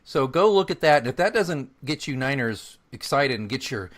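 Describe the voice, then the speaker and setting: A man co-hosting a casual podcast, talking in excitable, rambling bursts. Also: mid-range voice, normal speed, few pauses. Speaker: podcast co-host.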